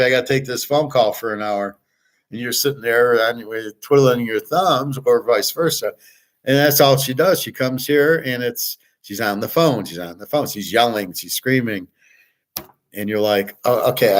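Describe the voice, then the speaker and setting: A man's voice: medium pitch, a bit bright. Older man rambling bluntly. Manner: blunt, digressive, profane. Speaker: show host. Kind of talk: rambling personal monologue.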